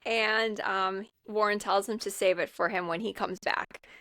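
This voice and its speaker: A woman's voice: mid-range voice, steady tone, unhurried, a bit bright. A woman co-hosting a podcast, casually retelling a movie scene by scene with lots of fillers. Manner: rambling retelling with many fillers. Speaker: podcast co-host. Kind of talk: casual chat, retelling a film.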